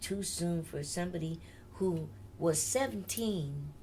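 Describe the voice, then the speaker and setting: A woman's voice: lowish voice, unhurried, warm tone, a little hiss or hum. An older woman, a singer, telling her life story in a candid, chatty interview and laughing often.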